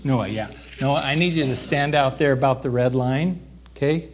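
A man preaching a sermon, talking to the congregation in an unhurried, conversational way and joking now and then. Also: mid-range voice. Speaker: pastor. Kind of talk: sermon with a live demonstration.

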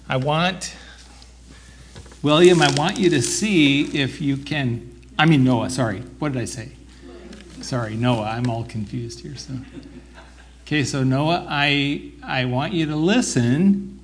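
Pastor, male, mid-range voice; slow, easygoing sermon delivery that chats with the congregation. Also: mid-range voice. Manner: unhurried, conversational, joking with the congregation. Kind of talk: sermon with a live demonstration.

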